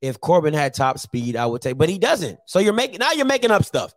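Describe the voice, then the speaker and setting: A man's voice: fairly high pitch, sing-song, brisk, few pauses. A man on a sports talk show, arguing his point insistently and repeating himself for emphasis. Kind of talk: heated sports debate.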